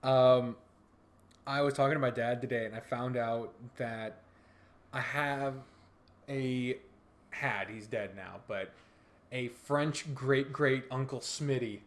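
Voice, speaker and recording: A man's voice: mid-range voice, takes it slowly, long pauses. A young man co-hosting a podcast, chatting casually, joking around and swearing freely. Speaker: podcast co-host. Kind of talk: casual chat.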